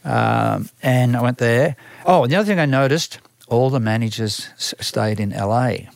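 A man's voice: mid-range voice, normal speed, creaky, no room sound, clean studio sound. A man with an Australian accent telling stories from his work as a music manager, acting out other people's lines and often restarting his sentences. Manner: lively, acts out quoted voices, frequent restarts. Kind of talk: storytelling conversation.

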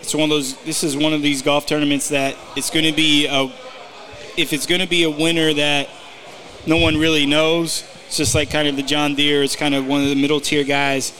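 A man's voice: on the high side, flat delivery, brisk, pushed and bright. A man giving golf bets in a casual podcast chat, rambling with lots of fillers and teasing the host. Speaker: golf betting analyst.

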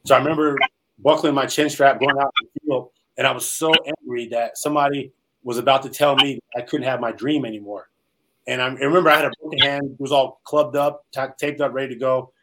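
Fast-talking man telling his life story. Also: mid-range voice, background noise. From Salinas, California. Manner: earnest, rambling, many fillers and restarts. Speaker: former pro football player, guest. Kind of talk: personal storytelling in an interview.

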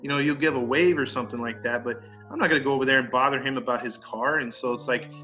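A man's voice: medium pitch, quick pace. A man hosting a podcast, telling a true crime story in a casual, slangy way. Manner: animated, slangy, acts out quotes. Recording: dull lo-fi sound with faint music.

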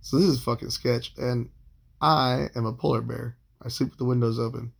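A young man telling a long personal story in a casual, rambling way, swearing constantly and filling pauses with um and like. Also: medium pitch, steady tone, vocal fry, husky. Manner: profane, rambling, heavy filler words.

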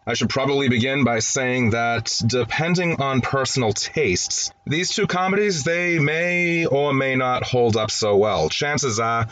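A man hosting a movie review show, talking through film setups in a chatty, wry way with quick asides. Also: mid-range voice, fairly bright tone. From grew up in an Italian-American home. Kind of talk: conversational film review monologue.

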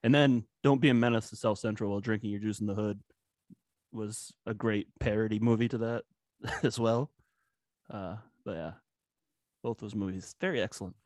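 A man speaking as a guest on a casual podcast, relaxed and hesitant, with frequent fillers and swearing. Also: lowish voice, normal speed, no echo, studio quality.

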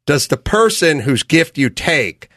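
A man's voice: on the high side, measured pace, no room sound, studio quality. A man hosting a podcast, telling stories in casual chat. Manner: animated storytelling. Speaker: podcast host.

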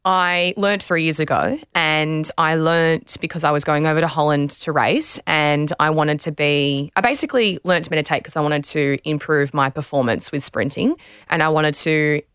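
A woman's voice: deep voice, moderate pace, fairly bright tone, clear, resonant tone, no room sound, studio quality. A young woman hosting an interview, asking questions and sharing her own experiences in a candid, chatty way. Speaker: host, retired sprinter. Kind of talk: conversational interview.

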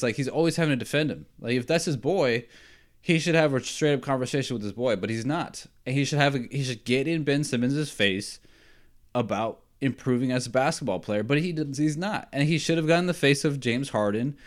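A man's voice: medium pitch, a little fast. A man hosting a sports podcast, talking in a casual, opinionated and rambling way, often tagging his points with "right?" and sometimes chuckling at himself. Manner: animated, rambling, frequent "right?" and "like".

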